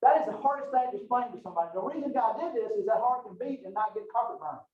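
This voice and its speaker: A man's voice: very high voice, lively intonation, rapid-fire. Folksy man lecturing from afar. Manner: folksy, joking storyteller. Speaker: anatomy instructor. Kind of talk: classroom lecture. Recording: far-off, echoey, phone-like lecture recording.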